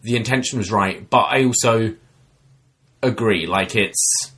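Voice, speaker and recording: A man's voice: unhurried, husky. A man casually telling a long story in a chat, rambling with lots of fillers and acting out other people's voices. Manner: animated storyteller, acts out quoted voices with big pitch jumps. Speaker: podcast co-host telling a bar story.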